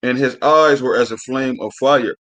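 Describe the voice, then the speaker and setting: A man with a mid-range, somewhat bright voice speaks at normal speed while teaching scripture on a live stream. He reads the verses out and then weighs in bluntly and coarsely, preaching, swearing freely and saying "man" again and again.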